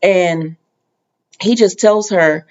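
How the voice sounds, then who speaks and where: A woman's voice: on the low side, drawn-out words, a little mellow, muffled recording. A woman hosting a casual TV episode recap, talking in a rambling way with lots of ums and restarts, plus the odd exasperated aside. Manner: conversational, sometimes exasperated asides. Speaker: TV recap host.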